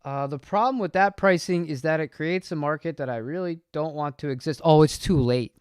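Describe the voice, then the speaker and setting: A man's voice: fairly high pitch, a little fast, darkish tone, clear, resonant tone, dry recording, studio quality. A man hosting a casual live-stream chat, rambling and talking to viewers in the chat. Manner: rambling, chatty, reads chat aloud. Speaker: channel host.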